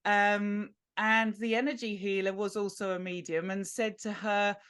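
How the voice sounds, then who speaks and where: A woman's voice: mid-range voice, fairly even intonation, unhurried, smooth. A British woman from near London, a medium guest on a video call, chatting and telling stories, with frequent laughter. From England. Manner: warm storyteller, laughs often. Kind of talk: casual interview chat.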